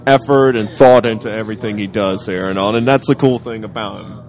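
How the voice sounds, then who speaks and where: Man doing hushed mock sportscasting. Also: lowish voice, brisk. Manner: playful, mock sportscaster hush. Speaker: podcast co-host. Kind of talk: casual live commentary. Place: outdoors at a hot dog eating contest.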